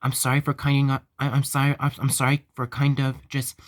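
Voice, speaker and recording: A man talks in an earnest, repetitive vlog voice, often stumbling and restarting his sentences. His pitch sits in an ordinary middle range. The sound is dry and close, with no room around it. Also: completely flat delivery, fairly quick, dry recording. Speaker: host of a fan-made theme park channel.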